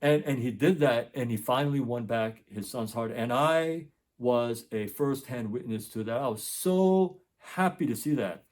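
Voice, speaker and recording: A middle-aged man with a mid-range, slightly mellow voice speaks at a measured pace with few pauses. He is a tutor hosting his education channel, telling a story casually and earnestly repeating points for emphasis.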